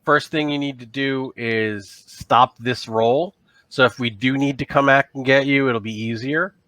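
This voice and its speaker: A man playing a stern male starship captain who gives clipped, deliberate orders. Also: medium pitch, fairly even intonation, fairly bright tone, no echo, lightly acted. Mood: ordering.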